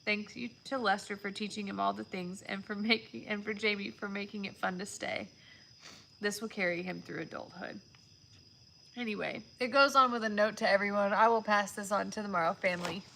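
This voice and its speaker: This live-stream vlogger talks briskly in a medium-pitched, creaky voice with fairly even intonation as she unwraps viewer gifts. The casual chat turns emotional, leaving her often on the verge of tears. There's loud background noise and crinkling.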